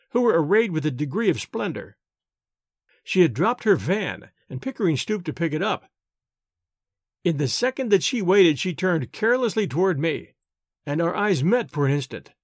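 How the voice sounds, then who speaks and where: A man narrating an audiobook in a measured, expressive reading. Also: a little high, no room sound, studio quality.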